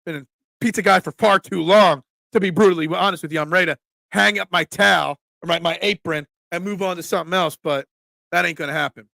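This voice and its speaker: A middle-aged man with a thick Delco accent from the Philadelphia area, hosting a casual live chat in a blunt, rambling way. His voice sits a little high and carries a gravelly edge. The sound is dry and close, with no room around it. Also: quick pace, sharp tone, dry recording. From Delaware County, Pennsylvania. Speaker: host, pizza shop owner.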